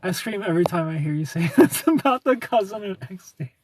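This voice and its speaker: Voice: mid-range voice, expressive, brisk, darkish tone, a little hiss or hum. A young adult livestreamer chatting casually with viewers, sarcastic and laughing often as they answer comments by name. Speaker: livestreamer reading chat.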